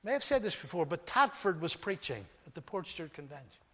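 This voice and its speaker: An older man preaching a sermon as pastor, emphatic, swinging between loud stresses and hushed asides. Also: a little high, big pitch swings, a little fast. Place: church hall. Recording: long hall reverb.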